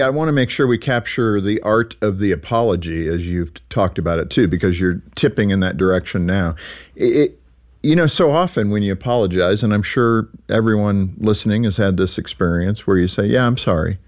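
A man hosting an interview, friendly and lively, laughing easily as he asks questions. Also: on the low side, brisk. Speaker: radio show host. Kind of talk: interview conversation.

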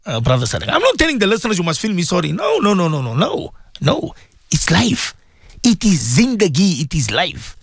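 A man's voice: huge pitch swings, brisk, gravelly, husky, no room sound, studio quality. A man hosting a live radio show, preaching emphatically and repeating his phrases. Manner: emphatic, repeats phrases, swings between low and high pitch. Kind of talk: impassioned live radio talk. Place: radio studio.

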